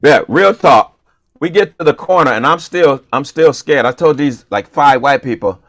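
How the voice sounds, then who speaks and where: A man's voice: a little high, normal speed, dry recording, clean studio sound. A man co-hosting a talk show, telling a funny story in a casual, playful way and acting out the dialogue. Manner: animated, playful, acts out dialogue. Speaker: comedian and show co-host.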